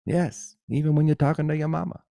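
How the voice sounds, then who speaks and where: A man giving a spiritual satsang talk over a video call, soft and unhurried, often dropping to a whisper. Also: fairly high pitch, fairly even intonation, creaky, no echo, studio quality. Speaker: spiritual teacher.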